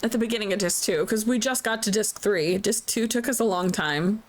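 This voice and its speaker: Here the streamer's voice sits at medium pitch and moves briskly. She keeps up relaxed let's-play chatter with frequent laughter and plenty of swearing, game music faint in the background.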